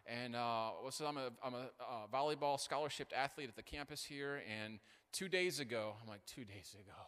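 A male pastor preaching with humor and stories, animated and self-deprecating, full of fillers and restarts. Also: mid-range voice, moderate pace, smooth. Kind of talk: sermon with storytelling. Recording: long hall reverb.

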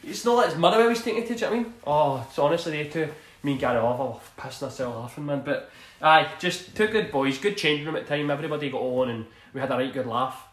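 Speaking quickly in a slightly high, somewhat bright voice, a Scottish man in his thirties who used to play football tells meandering stories during a relaxed interview. He laughs frequently, keeps saying "do you know what I mean," and the recording has noticeable reverb.

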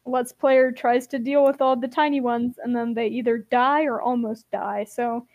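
A young woman with a high voice gives a chatty comic recap of a game's plot, wry and quick to laugh. The recording is close and dry, with no room sound. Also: fairly even intonation, no room sound, dull audio.

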